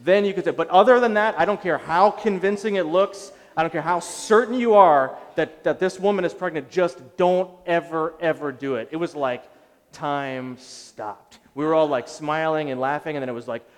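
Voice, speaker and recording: A middle-aged male pastor preaching a sermon, telling a story on himself in an animated, self-deprecating way. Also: on the high side, normal speed. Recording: long reverb of a large hall.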